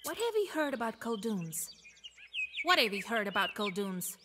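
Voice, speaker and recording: An actress voicing a calm, defensive young witch in a video game. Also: on the high side, normal speed. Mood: probing. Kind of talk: game voice acting. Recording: reverberant with clear background noise.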